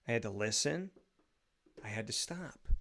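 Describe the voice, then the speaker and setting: A male show host giving an earnest, repetitive spoken reflection on faith, building to animated bursts. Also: fairly low pitch, normal speed.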